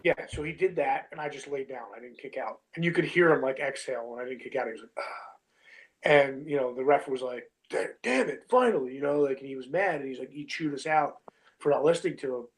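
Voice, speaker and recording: A man's voice: mid-range voice, steady tone, fast talker, poor audio. A man in his thirties, a wrestler telling a long story in a casual interview, full of fillers like "you know what I mean" and "bro".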